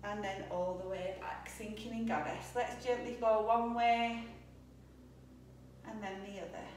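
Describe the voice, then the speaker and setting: A young adult woman teaching a yoga class, calmly cueing breaths and poses, a little out of breath. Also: medium pitch, a little slow, a little hiss or hum. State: slightly out of breath. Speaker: yoga instructor. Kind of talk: guided yoga class instruction. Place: yoga studio. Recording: echoey room, voice a bit distant.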